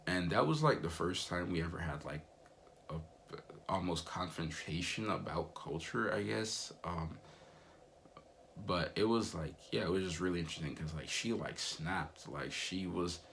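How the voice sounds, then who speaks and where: A man's voice: low-pitched, moderate pace, creaky, a bit bright, a little hiss or hum. A young man vlogging in a rambling, laid-back way, full of fillers. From United States. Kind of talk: casual vlog monologue.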